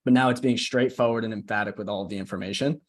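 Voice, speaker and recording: A man's voice: on the low side, fast. A man giving a casual screen-share tutorial on a video call as a marketing coach, talking in a chatty way, often asking "right?" and restarting his phrases.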